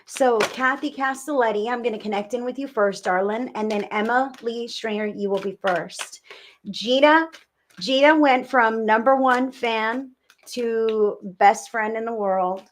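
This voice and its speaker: A woman's voice: fairly high pitch, unhurried, a little hiss or hum. A woman doing live psychic readings on a stream, chatting with viewers in a gushing, affectionate, rambling way.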